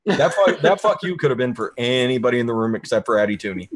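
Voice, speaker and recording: A man's voice: mid-range voice, lively intonation, fast talker, noisy background. A man on a panel who jokes and teases the others. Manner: joking, teasing banter. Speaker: panel guest. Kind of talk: casual panel chat.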